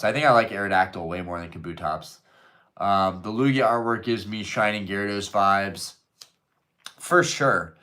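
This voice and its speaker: A man's voice: lowish voice, pushed and bright. A man hosting a casual live stream, reading viewer messages aloud and answering them in a loose, joking way with plenty of swearing. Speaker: livestream host reading chat. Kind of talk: casual livestream chat.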